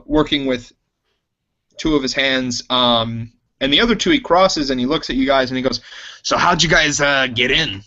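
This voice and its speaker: A man narrating a tabletop role-playing game as game master, unhurried and full of ums and uhs. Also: mid-range voice, bright, forceful tone, dull audio. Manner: unhurried, filler-heavy narration.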